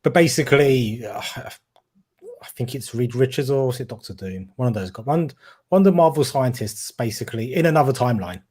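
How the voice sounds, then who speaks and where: A man's voice: medium pitch, darkish tone. A man with a Cockney accent from London's East End, co-hosting a casual film chat and rambling with hesitant restarts. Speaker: podcast co-host.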